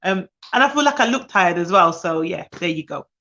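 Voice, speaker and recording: A woman who works as a nanny gives chatty, fast-talking advice on a live stream while tired. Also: fairly low pitch, lively intonation, bright, forceful tone, muffled recording.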